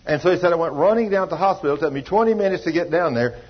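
A man's voice: on the high side, very fast, slightly rough, dull audio. Folksy preacher man telling stories. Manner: storytelling preacher acting out dialogue in a folksy drawl. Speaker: pastor. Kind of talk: sermon.

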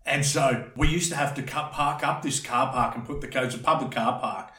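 A man telling a rambling, animated story in casual chat, swearing freely. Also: mid-range voice, moderate pace, echoey room. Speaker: podcast guest telling a story.

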